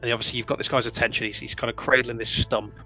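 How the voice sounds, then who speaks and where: A man running a tabletop game as dungeon master, narrating scenes in an unhurried, descriptive way. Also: mid-range voice, level tone, bright, forceful tone, soft background music.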